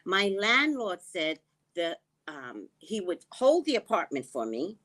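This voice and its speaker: Woman, slow unhurried pace, fairly low voice, reflective spiritual talk, hushed moments. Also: sing-song. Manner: slow, musing, often drops to a hushed tone. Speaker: spiritual reader and vlogger. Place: living in the Caribbean.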